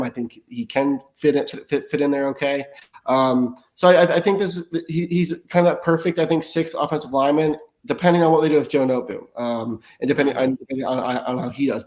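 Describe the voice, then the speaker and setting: Fast-talking stammering man. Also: medium pitch, a little mellow. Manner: rapid talk with frequent stammered restarts. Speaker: podcast guest analyst. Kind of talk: casual podcast analysis.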